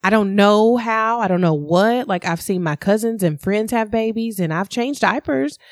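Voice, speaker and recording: A woman in casual conversation, candidly telling a personal story in an animated way. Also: medium pitch, normal speed, no echo, studio quality. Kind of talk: casual chat.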